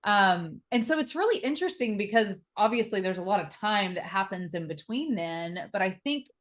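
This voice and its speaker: A woman in her thirties appears as a podcast guest in a candid personal interview, telling her story openly and emotionally with fillers and the odd swear word. Her voice is medium-pitched, expressive and moderately paced.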